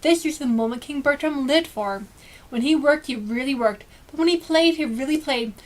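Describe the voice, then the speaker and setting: A woman reading a children's storybook aloud with lively, expressive storytelling. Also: sits high, moderate pace. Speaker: storybook reader.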